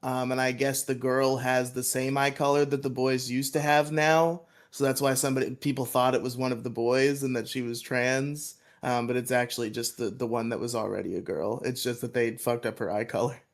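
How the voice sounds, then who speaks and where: A man chatting casually on a podcast who laughs easily and fills his explanations with "um" and "like." His voice sits at an ordinary middle pitch. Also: flat delivery, fairly quick, hardly any pauses. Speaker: podcast guest.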